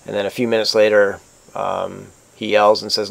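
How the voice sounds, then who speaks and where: A man with a lowish voice narrates as game master over online voice chat. He talks haltingly, with plenty of fillers and restarts as he describes the scene. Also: flat delivery, gravelly.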